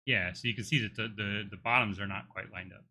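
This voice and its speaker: Husky-voiced man thinking aloud. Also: on the low side, fairly even intonation, quick pace, pushed and bright. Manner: hesitant, many restarts while working things out. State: tired throat. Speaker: game developer streaming live. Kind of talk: thinking aloud while live coding.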